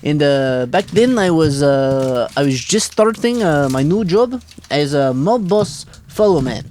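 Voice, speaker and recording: A man's voice: on the high side, expressive, unhurried, darkish tone, slight background noise. A young man playing a boastful Russian ex-mob storyteller in a mock Russian accent, rambling in broken English as a podcast co-host. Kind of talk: improvised comedy bit.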